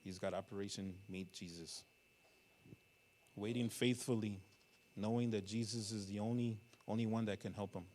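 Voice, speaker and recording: A man preaching a sermon in a church. He tells the story with sudden swings between loud and hushed passages and puts questions to the congregation. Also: on the low side, steady tone, normal speed, a little hiss or hum. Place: church sanctuary.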